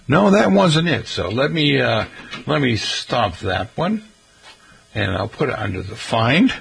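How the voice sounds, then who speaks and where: A man's voice: medium pitch, big pitch swings, a little slow, vocal fry, a bit bright, husky, low-quality recording. A male radio host chatting casually and folksily with his listeners.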